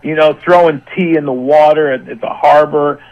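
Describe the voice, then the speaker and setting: A man who does voice work, chatting on a radio show in a rambling, animated way. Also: fairly high pitch, normal speed, highs cut off. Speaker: voice actor guest. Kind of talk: casual radio chat.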